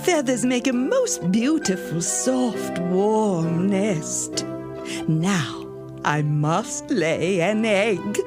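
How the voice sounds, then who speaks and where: A woman voicing a fussy, naive female farm duck in an animated storybook musical, prim, flustered and eager. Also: medium pitch, extremely slow, music in the background. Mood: prim fluttery. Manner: flustered, prim and eager, breaks into song and quacking.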